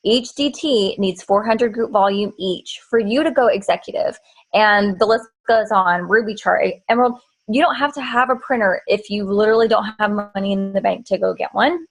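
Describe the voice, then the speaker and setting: A woman's voice: mid-range voice, moderate pace, poor audio. A woman hosting a casual team training on a video call, direct and practical.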